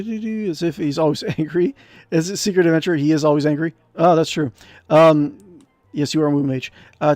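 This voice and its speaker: A male streamer working through a text-based fantasy game, reading descriptions aloud between rambling asides to his viewers. His voice is high and gravelly and swings widely in pitch, and the sound is close and dry. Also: darkish tone, no echo. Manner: rambling, chatty, many fillers and restarts.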